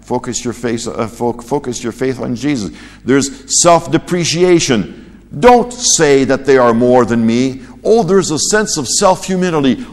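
A man preaching a sermon in an animated way, rising to loud emphatic peaks and dropping to quiet low asides. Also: measured pace. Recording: long hall reverb.

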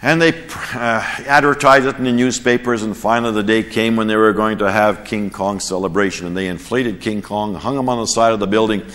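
A man teaching a church class, telling a story in an animated sermon style and chuckling at his own jokes. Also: fairly low pitch, brisk, few pauses, in a large hall. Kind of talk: sermon with anecdote.

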